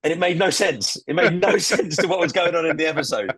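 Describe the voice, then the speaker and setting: Excited man in casual podcast chat. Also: fairly high pitch, fast, breathy edge, no room sound. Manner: enthusiastic, swearing, acting out scenes. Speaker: podcast co-host.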